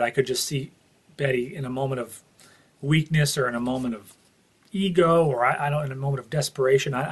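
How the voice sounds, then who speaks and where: A man's voice: mid-range voice, husky. A man giving an earnest, opinionated spoken review of a TV episode, thinking aloud as he goes.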